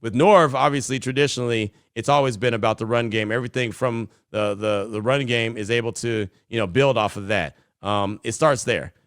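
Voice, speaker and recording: Fast-talking male sports podcast host. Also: medium pitch, a bit bright, dry recording, clean studio sound. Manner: fast, chatty, reads listener texts aloud. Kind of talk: sports call-in show.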